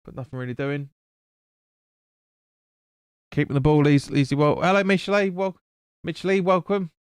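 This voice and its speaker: A man's voice: on the high side, normal speed, clean tone, dry recording, studio quality. A man hosting a live football watch-along, chatting casually, swearing and stumbling over player names. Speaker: fan stream host.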